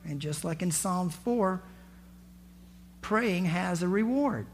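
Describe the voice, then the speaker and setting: High-voiced conversational male pastor. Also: steady tone, takes it slowly, pauses often, slight background noise. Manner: conversational, acts out scripture and quotes with rising emphasis. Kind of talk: sermon.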